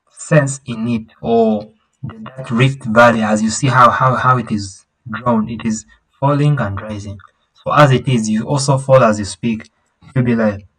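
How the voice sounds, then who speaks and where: Slow, patient male language teacher. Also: mid-range voice, low-quality recording. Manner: patient, repeats himself and sings out vowel sounds to demonstrate tones; halting, with many fillers and restarts. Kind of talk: online language lesson. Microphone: video call.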